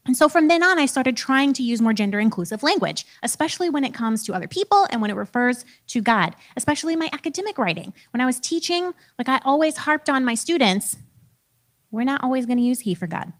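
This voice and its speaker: A woman's voice: high-pitched, lively intonation, fast talker, few pauses. A woman in her thirties, a preacher and teacher, giving a casual, conversational talk with a self-deprecating manner.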